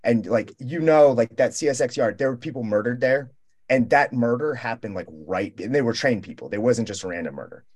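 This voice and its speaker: A man's voice: medium pitch, animated, a little fast, a little mellow. A young man telling a long travel story in casual roundtable talk, rambling and profane, acting out the people he met in quoted lines. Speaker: roundtable guest.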